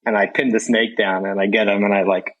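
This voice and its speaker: A man's voice: fairly low pitch, little pitch movement, a little fast, fairly bright tone, lo-fi sound. A man who is a guest on a podcast, telling a story in a laid-back, rambling way. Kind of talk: casual chat.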